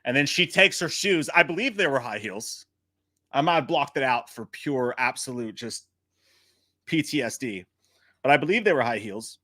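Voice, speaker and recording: A man hosting a live chat about a movie, animated and profane, joking at his own expense. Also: mid-range voice, moderate pace, no room sound, clean studio sound. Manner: animated, profane, self-mocking jokes. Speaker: livestream host.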